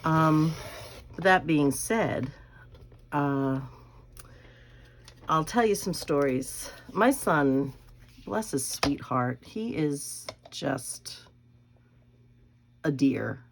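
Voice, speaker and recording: A woman, chatting folksily about her family while crafting, with soft laughs and quiet asides. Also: low voice, lively intonation, drawn-out words, vocal fry, long pauses. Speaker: craft channel host. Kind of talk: casual chat while crafting.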